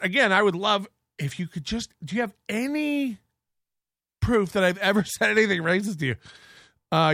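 A man's voice: high voice, sing-song, moderate pace, creaky, a bit bright, no room sound, studio quality. A male show host ranting crudely and mockingly about a viewer dispute, laughing at his own jokes.

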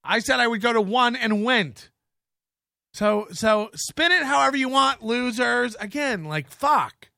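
A man's voice: high voice, big pitch swings, unhurried, gravelly, sharp tone, dry recording, studio quality. A man hosting a livestream, ranting angrily with mocking, profane jabs. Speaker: livestream host.

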